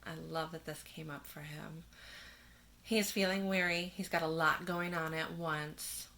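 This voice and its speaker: Woman doing a tarot reading, lowish voice w/ lots of fry, gentle and unhurried, faint hum behind. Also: steady tone. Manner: gentle, reads card verses aloud, frequent soft laughs. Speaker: tarot reader.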